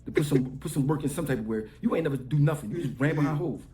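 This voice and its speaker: A man's voice: on the high side, very fast, warm tone, echoey room. A middle-aged man ranting heatedly, mocking and scolding someone in a played clip. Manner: mocking, scolding, trash-talking.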